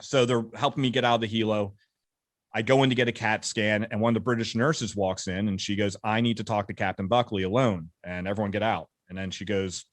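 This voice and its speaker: A man in his thirties tells war stories at a quick clip, slipping into the voices of the people he met. His voice sits a little low. The sound is dry and close, with no room around it. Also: no room sound. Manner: brisk, vivid war storytelling with quoted dialogue. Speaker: interview guest, combat veteran. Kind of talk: casual storytelling interview.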